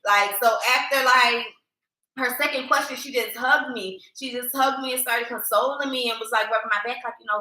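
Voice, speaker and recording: A woman co-hosting a podcast, chatting casually and telling a personal story with emphatic, animated delivery. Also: a little high, normal speed. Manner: animated, emphatic, addresses listeners as y'all. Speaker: podcast co-host. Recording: echoey room.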